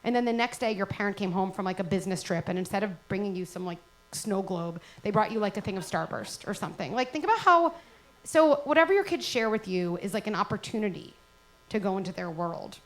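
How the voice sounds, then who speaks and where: A middle-aged woman who is a parenting expert speaks earnestly before a live audience, acting out little exchanges between parents and children. Her mid-range voice is animated and fairly quick, though the audio is poor.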